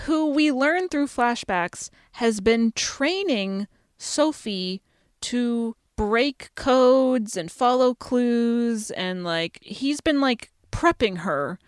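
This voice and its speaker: Woman co-host, somewhat high, laughs a lot while telling the story, close dry mic. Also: lively intonation, extremely slow, clear, resonant tone, dry recording. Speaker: podcast co-host. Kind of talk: casual chat.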